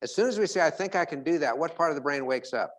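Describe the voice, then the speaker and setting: A man speaking live to an audience as a motivational speaker, animated and chuckling as he acts out everyday characters. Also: on the high side, fast talker. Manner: animated, acts out little characters, laughs often.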